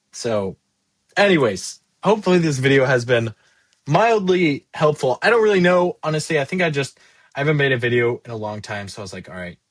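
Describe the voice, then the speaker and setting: A man in his twenties vents in a candid, rambling monologue, swearing freely and putting himself down. His voice sits in an ordinary middle pitch. The room is dry, with no echo. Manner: rambling, profane, self-deprecating. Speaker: SaaS founder vlogging.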